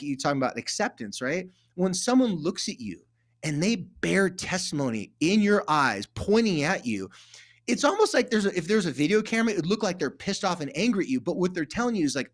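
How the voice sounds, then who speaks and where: Middle-aged male therapist guest, casual and animated, voice a touch high. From California. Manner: animated, acts out quoted dialogue. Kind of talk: casual conversational storytelling.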